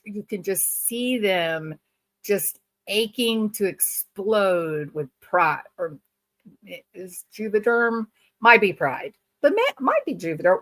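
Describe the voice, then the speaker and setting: Slow, mocking woman commentator. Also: mid-range voice. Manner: mocking, theatrical, drawn-out emphasis. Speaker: co-host reacting to a video. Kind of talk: sarcastic commentary.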